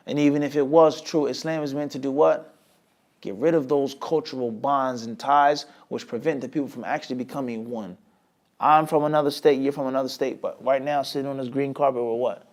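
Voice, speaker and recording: A man teaching with rhetorical questions. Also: mid-range voice. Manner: asks rhetorical questions and answers them himself; lively, with many sudden rises and drops in loudness. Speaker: Islamic teacher. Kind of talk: lecture class.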